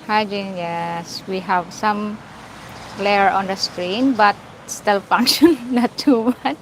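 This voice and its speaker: Woman, Filipino accent, live stream host, giggly, unhurried delivery. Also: fairly high pitch, lively intonation, a little hiss or hum, poor audio. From Philippines. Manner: giggly, laughs often, greets viewers by name. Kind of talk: casual live stream chat with viewers.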